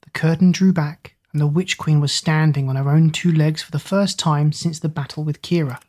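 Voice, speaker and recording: Audiobook narrator, woman, low and husky, measured. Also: fairly even intonation, a little mellow. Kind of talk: storybook narration.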